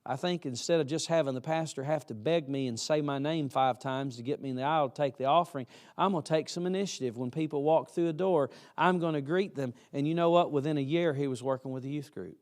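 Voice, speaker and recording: A man's voice: a little high, fast, few pauses, a little mellow. A man preaching a chapel sermon to college students in a folksy, emphatic way, acting out what students say.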